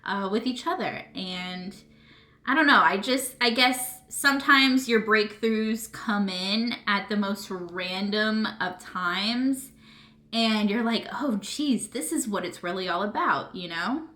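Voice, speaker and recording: A woman's voice: mid-range voice, slow, sharp tone, roomy sound. A woman vlogging emotionally, teary and earnest, rambling with lots of fillers as she talks to her viewers. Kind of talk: emotional personal vlog. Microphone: camera mic.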